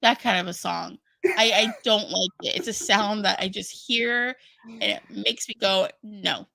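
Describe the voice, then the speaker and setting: A woman co-hosting a casual livestream, joking wryly and filling pauses with "um" and "like". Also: mid-range voice, fairly even intonation, gravelly, sharp tone. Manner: wry, joking, many "um" and "like". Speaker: co-host of a livestream. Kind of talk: casual chat.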